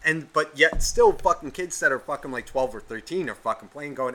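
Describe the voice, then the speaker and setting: A man co-hosting a podcast, telling a gaming story in animated, profanity-heavy casual chat. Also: a little high, normal speed, few pauses. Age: adult, past eighteen. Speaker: podcast co-host.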